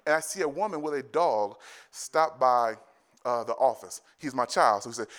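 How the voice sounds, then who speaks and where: A man in his thirties, a pastor, preaching a sermon, telling family stories in an animated way, repeating phrases and often laughing. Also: mid-range voice, normal speed. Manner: animated storytelling, rising to loud excited bursts.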